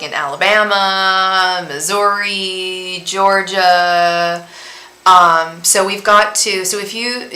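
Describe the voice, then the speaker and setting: Woman, tarot reader, bright voice, rambling with fillers, echoey room. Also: on the low side. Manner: heated, rambling with many restarts and fillers. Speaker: tarot reader and psychic medium. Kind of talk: casual livestream chat.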